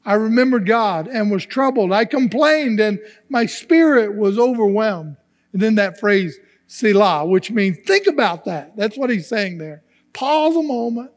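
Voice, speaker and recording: A man's voice: high-pitched, expressive, a little slow, faint music behind. A man preaching a sermon as pastor, reading scripture aloud and often repeating words as he goes. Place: church sanctuary. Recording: long reverb of a church hall.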